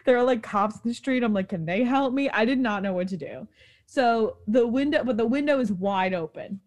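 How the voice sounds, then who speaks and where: A young woman from New York, a fast-talking and animated storyteller, co-hosting a casual chat podcast. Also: on the high side. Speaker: podcast co-host.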